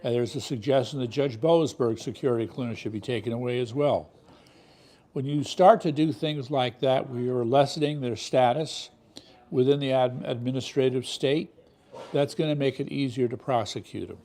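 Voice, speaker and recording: A man's voice: medium pitch, normal speed, darkish tone. A man hosting a political commentary show, talking in an indignant, emphatic way full of rhetorical questions. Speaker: show host.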